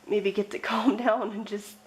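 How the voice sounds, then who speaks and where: A woman's voice: medium pitch, level tone, rough recording. A woman giving a pick-a-card tarot reading, speaking in a reflective, emotional way. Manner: slow, emotional, reflective, with laughs. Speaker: tarot reader.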